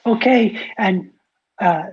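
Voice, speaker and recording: A woman's voice: medium pitch, slow, a little mellow, lo-fi sound. A woman player in a tabletop game, hesitantly describing her character's actions.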